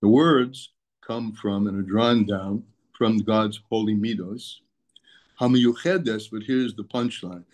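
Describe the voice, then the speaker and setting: A man's voice: lowish voice, slow. A man teaching a daily text lesson, explaining patiently, restating his terms, and using for the terms he quotes. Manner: explanatory, repeats and restates terms, mixes Hebrew terms into English. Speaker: Torah teacher.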